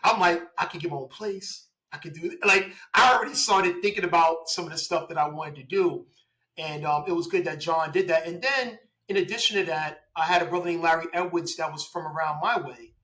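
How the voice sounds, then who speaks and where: Bright, animated man telling his story. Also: a little high, fairly quick, poor audio. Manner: animated, laughing, acts out quoted dialogue. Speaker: guest, police officer. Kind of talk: casual storytelling interview.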